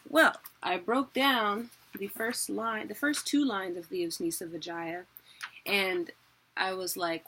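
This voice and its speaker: A woman giving a casual video lesson, chatty and quick to correct herself. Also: medium pitch, sharp tone. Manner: chatty, self-correcting, laughs at own mistakes. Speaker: teacher.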